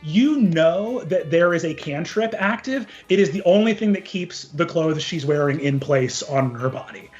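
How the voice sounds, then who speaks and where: Animated male game master. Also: a little high, normal speed, hardly any pauses, lo-fi sound, faint music behind. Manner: animated, filler-heavy narration. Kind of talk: narrating a tabletop game.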